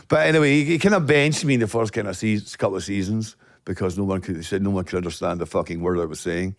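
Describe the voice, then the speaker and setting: A man's voice: deep voice, fast, no room sound, studio quality. A man with a Glaswegian Scottish accent, a guest telling stories in casual podcast chat, swearing freely and laughing. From Scotland. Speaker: actor guest.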